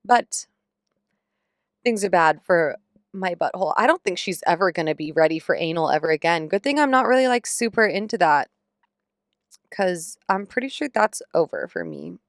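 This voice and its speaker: Candid, profane young woman with a crisp voice. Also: lowish voice, animated, moderate pace, no echo, studio quality. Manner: candid, profane, comically exasperated storytelling. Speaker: podcast host. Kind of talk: casual chat.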